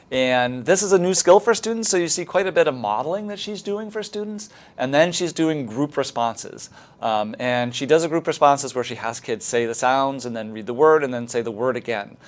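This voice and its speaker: Guy explaining a teaching clip, mid voice, loose and chatty. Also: mid-range voice. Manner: informal, with fillers and restarts. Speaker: course presenter. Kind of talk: explanatory commentary on a teaching video.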